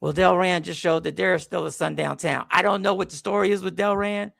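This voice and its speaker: A man with a high, very gravelly voice hosts a live talk stream. He talks in a heated, emphatic way and often repeats himself. The sound is dry and close. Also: steady tone, a little fast, a bit bright, no echo. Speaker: show host. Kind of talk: casual live-stream commentary.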